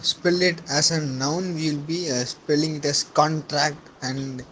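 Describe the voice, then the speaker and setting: A man's voice: a little high, fairly even intonation, unhurried, a bit bright, a little hiss or hum, poor audio. Polite, hesitant male student. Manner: polite and hesitant, addresses teacher as sir. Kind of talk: classroom question.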